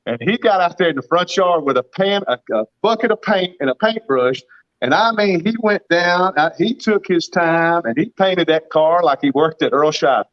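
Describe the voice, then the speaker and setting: This guest farmer, a man in his fifties with a Southern US accent, laughs frequently as he tells homespun stories during a relaxed livestream video call. He speaks at a moderate pace with an expressive, higher-leaning voice, though the recording is muffled.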